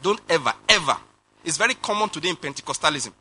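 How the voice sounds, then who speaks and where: Pastor preaching, high voice, really sharp and bright, laughs a lot mid-sermon. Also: male voice, quick pace, slightly rough. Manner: animated preaching with laughter and rhetorical questions.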